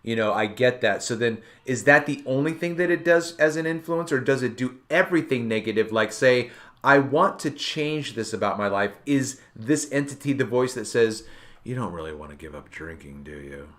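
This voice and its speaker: A man's voice: mid-range voice, normal speed, a bit bright. A man hosting a casual online talk show, rambling and thinking aloud with many restarts. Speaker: podcast host. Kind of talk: casual chat.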